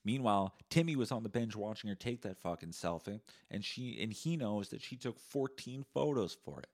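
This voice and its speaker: A man's voice: on the low side, expressive, normal speed, darkish tone. Canadian guy ranting solo on his podcast, sweary and sarcastic. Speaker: podcast host.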